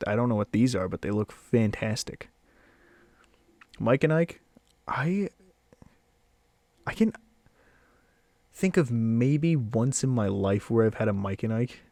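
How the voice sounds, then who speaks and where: Here the young snack reviewer rambles through his ratings in a casual solo video, self-deprecating and blunt, sounding a little out of breath. The voice is lowish and somewhat mellow, recorded without echo.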